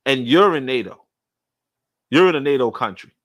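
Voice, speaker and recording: Bright-voiced man ranting on a livestream. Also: mid-range voice, lively intonation, moderate pace. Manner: rambling, with many restarts, and blunt cursing. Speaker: podcast host. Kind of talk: livestream commentary monologue.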